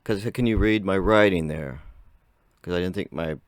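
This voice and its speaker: A man's voice: low voice, fairly quick, smooth, no room sound. A young man whose voice still cracks, telling a rambling story to camera with frequent laughs. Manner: chatty, rambling, laughs often. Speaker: vlogger.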